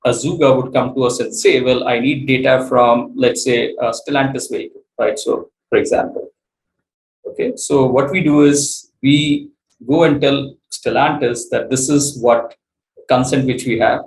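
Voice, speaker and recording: A man, a startup CEO, explaining his business in an interview, halting with many fillers and restarts. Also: medium pitch, steady tone, rough recording. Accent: Indian English.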